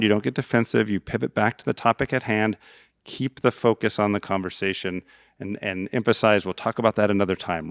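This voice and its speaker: A man talks fast and earnestly in a conference fireside chat, laying out his points with everyday examples. His voice sits in a middle register and sounds close and dry, with no room echo. He has the steady manner of a seasoned author. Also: on the low side. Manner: brisk, earnest, explains with examples. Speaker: author and guest speaker. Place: conference stage.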